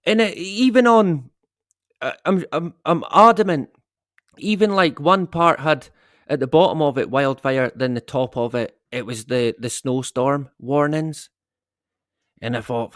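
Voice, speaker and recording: A man's voice: on the high side, unhurried, no room sound, studio quality. Sweary rambling man. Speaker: livestream host. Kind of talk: casual live-stream chat.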